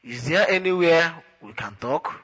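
A man's voice: fairly high pitch, lively intonation, measured pace, a bit bright, breathy edge, highs cut off, pitched above the performer's own voice, exaggerated voice. A man voicing an urgent, insistent friend who keeps pressing his point. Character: urgent, distracted male friend, adult.

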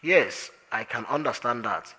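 A man's voice: mid-range voice, animated, measured pace, pushed and bright, husky, full character voice. A man reading an audiobook, voicing a breezy, smug male alien traveler in an offhand, amused way.

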